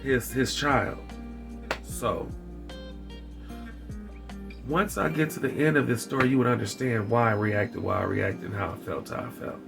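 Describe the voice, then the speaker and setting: A man vlogging a candid personal story with wry dark humor, rambling and repeating his phrases. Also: mid-range voice, measured pace, gravelly, long pauses. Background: background music.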